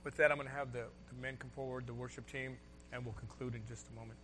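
A man preaching a sermon, moving between loud emphatic lines and soft hushed ones. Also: mid-range voice, fairly even intonation, quick pace, music in the background. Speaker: pastor.

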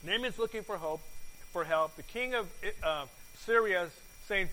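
A man preaching a sermon, asking his congregation questions and repeating words, his volume swinging from loud to soft. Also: sits high, expressive, fairly quick, poor audio. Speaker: pastor.

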